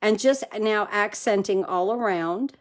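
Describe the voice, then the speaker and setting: A woman's voice: medium pitch, unhurried. A woman hosting a live card-making demonstration from her craft room, chatty and enthusiastic, thanking viewers by name as she works.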